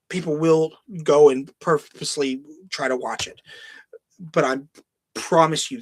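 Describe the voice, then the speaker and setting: A man's voice: on the high side, fairly bright tone, no echo. A man hosting a podcast, ranting in casual, heavily profane commentary, now and then mocking film lines in a put-on voice. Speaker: podcast host.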